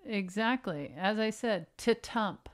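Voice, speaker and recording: A middle-aged woman co-hosting a casual podcast with a dry, deadpan humor. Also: medium pitch, slow. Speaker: podcast co-host.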